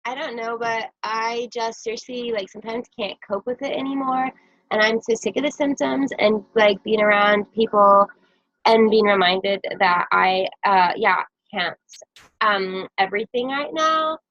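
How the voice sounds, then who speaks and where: A woman's voice: a little high, a little slow, a bit bright, no echo, highs cut off. A woman hosting a casual chat over a video call, joking and rambling about her daily life. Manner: joking, rambling, self-mocking. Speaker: host.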